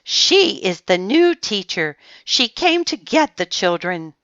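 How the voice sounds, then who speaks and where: Proper storybook lady of the house, voiced by a woman reader, lively, dull dry lo-fi sound. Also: mid-range voice, takes it slowly, dry recording, pitched above the performer's own voice. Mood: surprised.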